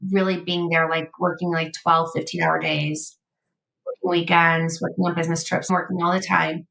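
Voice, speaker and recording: A woman's voice: fairly low pitch, level tone, moderate pace, vocal fry, a bit bright, slight background noise, poor audio. A middle-aged woman hosting a podcast, chatting in a rambling way with lots of "like" fillers. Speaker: podcast host. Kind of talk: casual interview chat.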